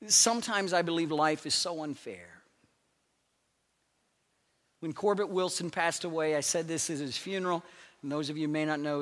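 A male pastor preaching a sermon, swinging from loud proclamations to hushed, near-whispered lines. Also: a little high, big-room sound.

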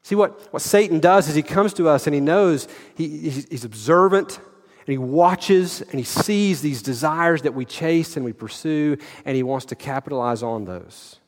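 A man's voice: a little high, normal speed. A middle-aged male pastor preaching an earnest sermon, repeating words and asking the congregation direct questions. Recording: long hall reverb.

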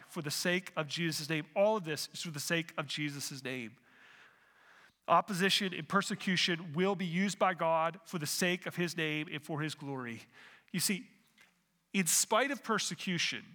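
A man's voice: sits high, bright, forceful tone, in a large hall. A man preaching a sermon as pastor, earnest, with rhetorical questions and frequent restarts.

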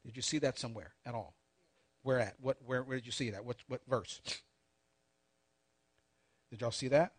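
A man preaching a sermon, leading call-and-response and repeating key points slowly and emphatically. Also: mid-range voice, husky, no room sound. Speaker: pastor leading a Bible study.

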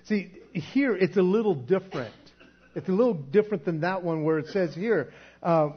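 A man's voice: high voice, animated, normal speed, husky. A man teaching a Bible lesson in a casual, conversational way, often repeating words as he works through a point. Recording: dull lo-fi recording.

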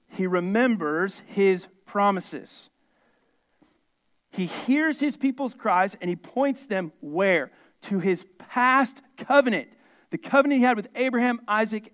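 A man's voice: sits high, fairly bright tone. A male pastor preaching a sermon to his church in a conversational, folksy way, with asides and rhetorical questions.

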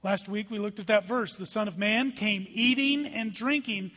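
Animated high-voiced preacher in a reverberant hall. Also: male voice, moderate pace. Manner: animated, emphatic preaching with dramatic drops to hushed tones. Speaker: pastor. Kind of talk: sermon.

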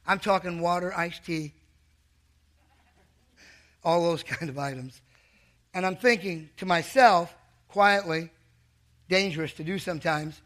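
Middle-aged male pastor, high bright voice, joking sermon storyteller. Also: measured pace, long pauses. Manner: humorous, teasing the congregation.

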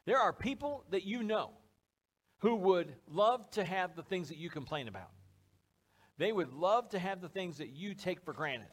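Male pastor, higher-pitched, relaxed joking sermon delivery before a live church crowd. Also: moderate pace. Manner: conversational, joking, acts out little scenes.

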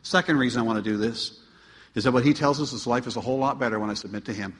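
A man's voice: mid-range voice, rapid-fire. Man preaching in a reverberant hall. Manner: rising to emphatic, pleading peaks then dropping quiet; asks the congregation rhetorical questions. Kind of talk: sermon. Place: church.

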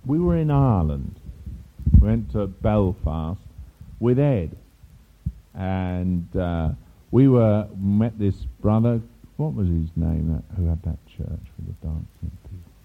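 Older English preacher on a tinny line. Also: male voice, low voice, takes it slowly, vocal fry, a little hiss or hum. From England. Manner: storytelling with asides and laughs, animated. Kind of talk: sermon. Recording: tinny phone-like sound.

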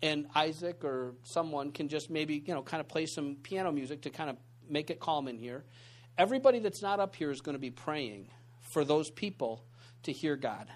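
High-voiced man telling church stories. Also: normal speed. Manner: conversational, animated storytelling with many asides. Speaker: pastor teaching a church group. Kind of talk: informal sermon with storytelling. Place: church meeting room.

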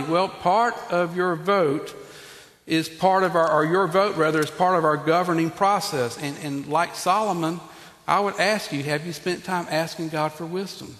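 Male pastor, lively preaching style, voice carries with a long hall reverb. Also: fairly high pitch, normal speed. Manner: animated, talks to congregation, acts out Bible figures. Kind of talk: sermon. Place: church sanctuary.

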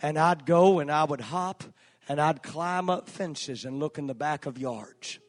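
A man preaching a sermon, telling a personal story in a folksy, earnest way with filler pauses. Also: a little high. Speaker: pastor. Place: church sanctuary. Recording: long church hall reverb, faint music.

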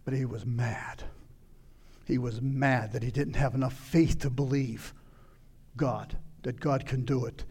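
A man preaching a sermon, retelling a scripture story and acting out its scenes with sudden loud outbursts. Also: medium pitch, steady tone, a little slow, husky. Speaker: pastor.

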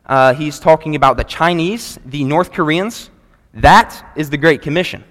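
A man, preaching a sermon to a congregation in an earnest, measured way and reading scripture aloud. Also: fairly high pitch, fairly bright tone. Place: church sanctuary before a congregation. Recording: long reverb of a large hall.

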